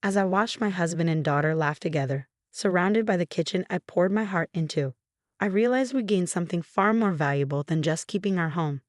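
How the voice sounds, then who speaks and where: A woman narrating a first-person family drama story in an even, measured storytelling manner. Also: lowish voice, no echo, studio quality.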